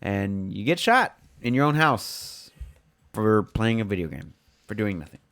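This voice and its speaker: A man's voice: fairly low pitch, expressive, measured pace, fairly bright tone, faint music behind. A young man co-hosting a podcast, talking bluntly in casual chat and swearing freely. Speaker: podcast co-host.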